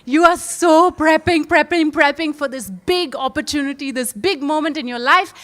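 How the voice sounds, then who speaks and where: A woman speaking as a panel guest, telling a story in a lively, animated way. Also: high-pitched, normal speed.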